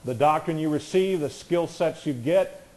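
A man's voice: a little high, moderate pace, a little mellow. A man teaching a Bible class in an earnest, emphatic way, piling up repeated phrases and often correcting himself mid-sentence. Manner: frequent restarts and self-corrections.

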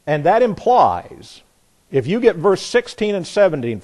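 A man preaching a sermon, animated, telling stories and asking rhetorical questions. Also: sits high, measured pace. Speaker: pastor.

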